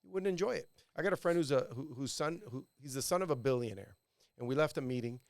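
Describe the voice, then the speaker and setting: A middle-aged man hosting a podcast with a gravelly, crackly voice at a middle pitch. He responds to his guest with easy agreement and asks questions that leave room to talk. The recording is dry and close to the mic. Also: fast talker, dry recording. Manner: easygoing, affirming listener who asks open questions. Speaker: podcast host. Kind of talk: casual podcast interview.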